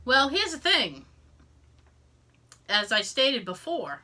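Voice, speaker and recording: A woman co-hosting a podcast, telling a story in casual chat, animated and exasperated, swearing freely and joking. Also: on the high side, takes it slowly. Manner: jokey, contradicts herself for laughs. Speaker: podcast co-host.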